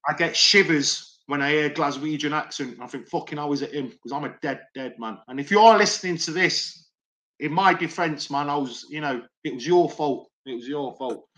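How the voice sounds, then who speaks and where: A man's voice: a little high, normal speed, pushed and bright. A middle-aged man, a former doorman, telling stories to a podcast host in a rambling, repetitive way and swearing often. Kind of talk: casual storytelling.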